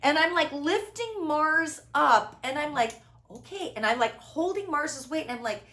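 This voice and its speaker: A middle-aged woman talking loudly and dramatically, with big inflection and frequent laughs. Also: high-pitched, animated, normal speed. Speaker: host. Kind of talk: casual conversation. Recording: echoey room.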